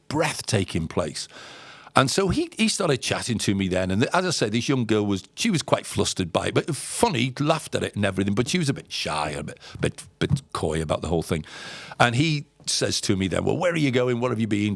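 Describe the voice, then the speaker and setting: A middle-aged Englishman, a podcast guest telling travel stories, casually rambles through an anecdote, repeating words and acting out what people said. His lowish voice swings widely in pitch, runs a little fast, and has vocal fry, with no echo.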